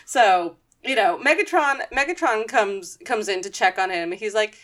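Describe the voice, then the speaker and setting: A woman co-hosting a podcast in casual chat, animated and snarky, often laughing as she retells scenes. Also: mid-range voice, normal speed. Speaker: podcast co-host.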